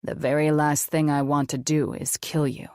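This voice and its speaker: A woman voicing a calm, gentle male doctor in an audiobook, speaking softly and steadily to reassure. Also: low-pitched, moderate pace, dry recording, clean studio sound. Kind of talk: audiobook character voice.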